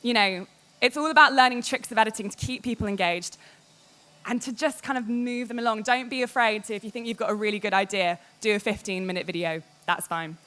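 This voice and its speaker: A woman giving a candid, animated public talk to an audience about working in games media. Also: medium pitch, fairly quick. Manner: animated and candid, quotes others in lively voices.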